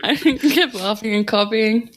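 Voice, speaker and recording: A woman's voice: fairly high pitch, unhurried. A woman co-hosting a podcast, telling a story in casual chat, laughing often and rambling. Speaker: podcast co-host.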